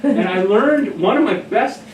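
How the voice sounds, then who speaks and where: Telling stories at an unhurried pace, a middle-aged behavioral care speaker talks casually to an audience, animated and chatty, laughing frequently. His voice is a little high and rings through a spacious, echoey hall, recorded from far off with a faint hum in the background.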